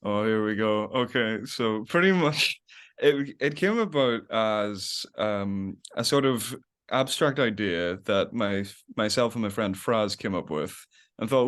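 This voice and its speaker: A man's voice: fairly low pitch, measured pace, fairly bright tone, smooth. A young man as a podcast guest, rambling in casual chat, laughing often and acting out little quotes. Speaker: podcast guest, web series creator.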